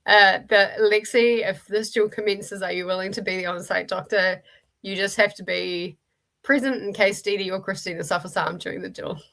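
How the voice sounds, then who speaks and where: Reading her viewers' chat aloud during a reading-sprint stream, this New Zealand host is chatty, laughs frequently, and uses fillers and restarts. Her mid-range voice is creaky, pushed and bright, holding a steady tone at a moderate pace.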